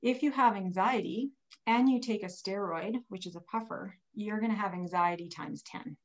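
Woman guest, personal testimony, chatty and animated, stumbles and restarts, mid-pitched voice. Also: normal speed, rough recording. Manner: animated retelling with frequent restarts and "like". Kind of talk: casual personal storytelling.

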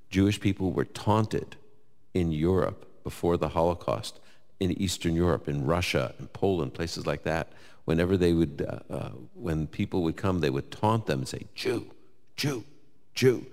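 A man from New York with a New York accent, answering audience Bible questions live in a conversational, lively way and quoting scripture. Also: low voice, moderate pace, in a large hall. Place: large hall with live audience.

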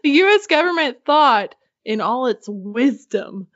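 Chatty woman host, slightly high voice, giggles often, dull lo-fi audio. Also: animated, a little slow, a bit bright. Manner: chatty and giggly, swears casually. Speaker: podcast host. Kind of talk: casual chat.

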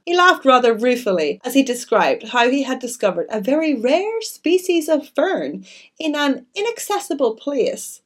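Woman, audiobook reader with chatty asides, animated delivery. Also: high-pitched, moderate pace. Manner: expressive, chatty. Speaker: audiobook narrator. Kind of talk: reading a classic novel aloud with chatty asides.

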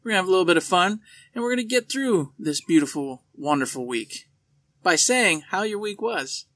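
A man's voice: sits high, animated, a little fast, a bit bright. A young adult man co-hosting a casual podcast, upbeat, hammy and playful. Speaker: podcast co-host.

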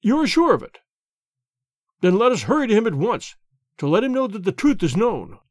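A man reading an audiobook, voicing a distraught, excitable older banker who pleads and exclaims. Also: sits high, normal speed, dry recording, studio quality. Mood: anxious.

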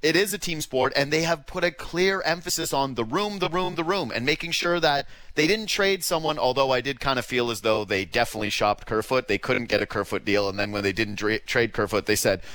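Canadian man, animated sports radio host. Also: mid-range voice, no room sound. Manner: animated, voices imagined quotes, talks fast in bursts. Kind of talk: casual sports talk.

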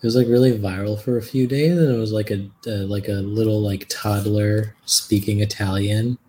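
Man, lowish voice, faint background noise, jokey loose podcast chat. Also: steady tone, normal speed, warm tone. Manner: loose, jokey, laughs while talking. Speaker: podcast co-host.

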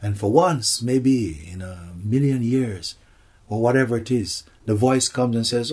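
A man's voice: mid-range voice, moderate pace, a little mellow. A man giving a spiritual satsang talk, playful, slipping into acted voices and laughter. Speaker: spiritual teacher.

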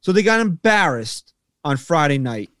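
A man's voice: a little high, big pitch swings, moderate pace, fairly bright tone, no echo, studio quality. A man in his forties co-hosting a sports podcast, talking in a blunt, exasperated and profane way. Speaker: podcast co-host. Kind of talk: casual sports chat.

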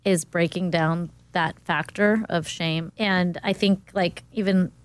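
A woman's voice: lowish voice, fairly even intonation, clean tone. A woman in a casual talk-show chat, responding in an affirming, supportive way. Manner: affirming, supportive, quick to agree.

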